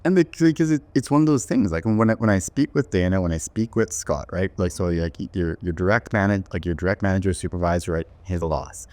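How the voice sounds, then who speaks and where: Thoughtful podcast host, man, low voice, dry close mic, keeps checking in with the guest. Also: a little fast, few pauses, a little mellow, dry recording. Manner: thoughtful, many "right?" tags and restarts. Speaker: podcast host and company owner. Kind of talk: casual podcast interview.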